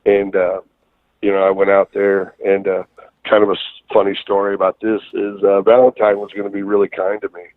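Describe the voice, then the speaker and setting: A man's voice: lowish voice, monotone, brisk, no room sound. A man, a guest wrestler, telling rambling, profane stories with many fillers in a casual interview, calling in by phone. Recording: tinny phone line.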